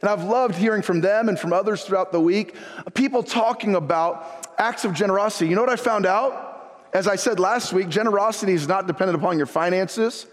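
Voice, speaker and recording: High-voiced pastor preaching in a reverberant church. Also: male voice, a little fast. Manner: conversational, folksy storytelling with rhetorical questions. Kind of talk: sermon. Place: church sanctuary. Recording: long reverb of a large room.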